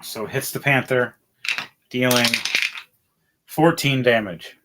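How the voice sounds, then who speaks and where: A man running a tabletop game as game master, narrating with animated, laughing energy. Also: medium pitch, slow pace, noisy background.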